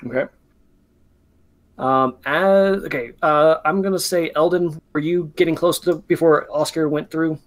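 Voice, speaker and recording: A man's voice: fairly high pitch, steady tone, a little slow, no echo. A man narrating as game master in a tabletop game, talking loosely with many fillers and restarts.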